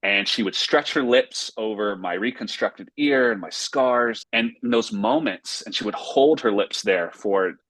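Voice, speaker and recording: Husky-voiced man telling his story. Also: fairly low pitch, measured pace, hardly any pauses, a bit bright, dry recording. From Raleigh, North Carolina, US. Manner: earnest, heartfelt personal storytelling. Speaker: pastor and author guest. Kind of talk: casual interview storytelling.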